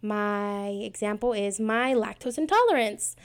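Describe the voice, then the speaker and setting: A woman in her twenties hosts her own podcast, chatting casually about prayer in a meandering, self-mocking way thick with fillers. Her mid-range voice is clean and unhurried.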